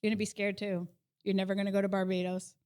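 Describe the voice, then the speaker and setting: A woman in her thirties co-hosting a podcast, telling a story in a casual, animated way and laughing often. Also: mid-range voice, fast talker, clear, resonant tone. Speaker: podcast co-host. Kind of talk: casual chat.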